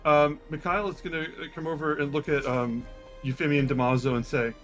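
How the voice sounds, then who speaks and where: A man's voice: fairly high pitch, fairly quick, soft background music. Rambling game master man. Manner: relaxed, rambling, many ums. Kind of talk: narrating a tabletop game.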